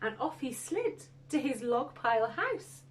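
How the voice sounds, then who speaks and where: A woman reads a children's picture book aloud in a very high, bright voice. She takes her time and fills the story with gasps and exclamations. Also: big pitch swings, a little slow, a little hiss or hum. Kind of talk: animated picture-book reading.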